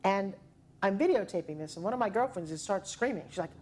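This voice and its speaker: Expressive woman telling a dramatic story. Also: medium pitch, quick pace. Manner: acts out voices in quotes, dramatic and expressive. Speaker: speaker telling a personal story. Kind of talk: animated storytelling.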